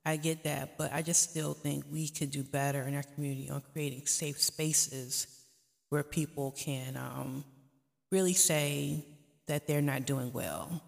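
A woman's voice: sits low, gravelly. A woman hosting a vlog, talking earnestly and pleadingly to camera with faith-driven encouragement. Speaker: vlog host. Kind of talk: casual heartfelt talk to camera. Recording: long reverb, echoey room.

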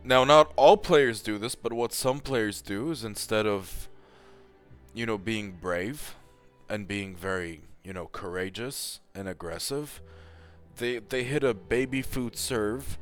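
A man's voice: on the low side, slow pace, soft background music. A man giving a casual, heated rant with lots of swearing and emphatic repetition, as a tennis commentator.

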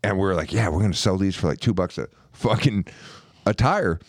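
A man co-hosting a podcast in casual, profane banter, telling loud stories and swearing constantly. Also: a little fast, no echo, clean studio sound. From New Jersey. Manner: loud storytelling, swears constantly, lively pitch swings. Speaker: podcast co-host.

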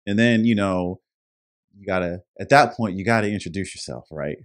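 A man's voice: low voice, moderate pace. A man co-hosting a casual podcast, telling a story with acted-out dialogue and frequent laughs. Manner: animated storyteller, acts out dialogue, laughs often. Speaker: podcast co-host.

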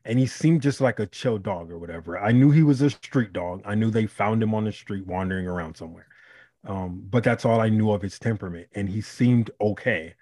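Profane, animated man telling a story. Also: on the low side, a little fast. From Chicago. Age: adult, married. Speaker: podcast co-host. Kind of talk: casual storytelling chat.

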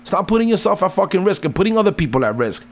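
A middle-aged man, a father, ranting heatedly and swearing constantly, his pitch jumping up and down as he lectures. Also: sing-song, fast talker. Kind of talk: profane rant.

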